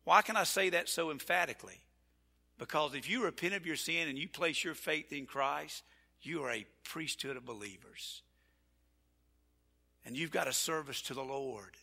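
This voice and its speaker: A man preaching a sermon as pastor, folksy and animated, repeating his phrases. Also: fairly high pitch, normal speed, gravelly. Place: church sanctuary. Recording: church hall reverb.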